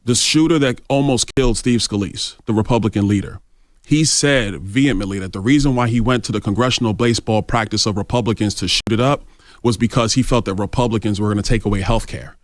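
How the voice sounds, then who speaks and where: A man with a fairly low voice, answering interview questions assertively and pushing back on each point. The recording is dry and close. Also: fast, no room sound. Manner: assertive, argumentative. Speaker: congressman guest. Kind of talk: radio interview.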